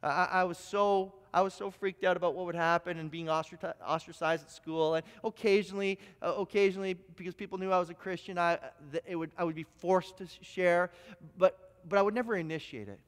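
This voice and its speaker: Pastor guy preaching, fairly high voice, lots of stops and restarts, long church echo. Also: brisk, smooth. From Ontario, Canada. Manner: animated, self-deprecating storytelling with frequent restarts. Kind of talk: sermon. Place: church sanctuary. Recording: long church hall reverb.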